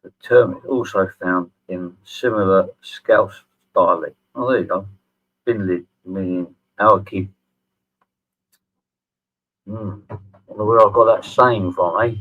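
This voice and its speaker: In a low voice with fairly even intonation, this middle-aged channel host speaks slowly and leaves long pauses. He sneers and curses openly through a sarcastic response video recorded with tinny, phone-like sound.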